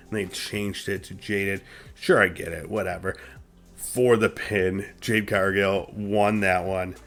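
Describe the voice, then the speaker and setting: A man's voice: on the low side, fairly bright tone. A man hosting a casual recap, chatty and opinionated, with lots of fillers. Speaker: wrestling show reviewer and host.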